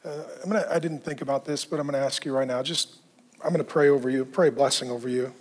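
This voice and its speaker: A man preaching a sermon, telling a story with earnest emotion and dropping soft at the key moments. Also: mid-range voice, steady tone, fast, slightly rough. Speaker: pastor.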